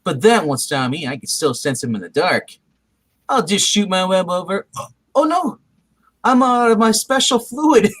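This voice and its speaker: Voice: mid-range voice, animated, normal speed, fairly bright tone, husky, dry recording, rough recording. A reader voicing a cocky young male superhero in a casual comic read-aloud, with stumbles. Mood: determined. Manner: reads with stumbles and laughs.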